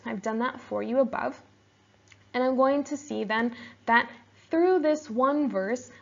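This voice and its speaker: A woman teacher explaining poetry in a steady, explanatory lesson, sometimes reading verse aloud slowly. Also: a little high, vocal fry, lo-fi sound. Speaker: English teacher.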